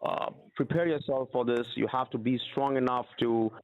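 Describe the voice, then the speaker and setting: A man with a gravelly voice keeps repeating his pushy reassurances. He comes through a thin, tinny phone line with no room sound around him. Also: medium pitch, fairly even intonation, moderate pace, no room sound. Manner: insistent, repetitive reassurances. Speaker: phone scammer. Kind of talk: phone call.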